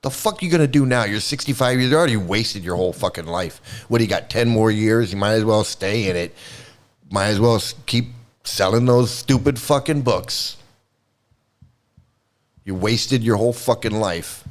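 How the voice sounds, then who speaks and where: A man with a fairly low voice hosts a livestream at a moderate pace, ranting angrily and sarcastically and swearing heavily throughout his profane commentary.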